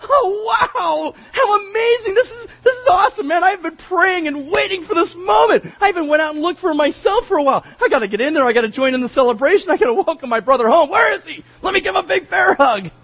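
A man playing an overjoyed young man who shouts and nearly cries with joy as he welcomes his brother home. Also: very high voice, expressive, quick pace, few pauses, highs cut off, voice pushed up.

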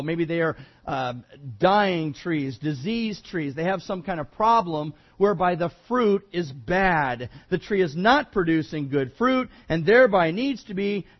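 High-voiced emphatic preacher. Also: male voice, dull audio. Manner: emphatic, conversational, repeats himself. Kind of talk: verse-by-verse sermon.

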